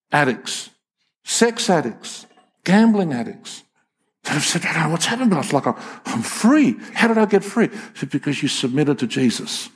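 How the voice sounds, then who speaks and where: Husky older preacher man. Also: a little high. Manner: folksy, emphatic storytelling with frequent restarts. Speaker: pastor. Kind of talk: sermon.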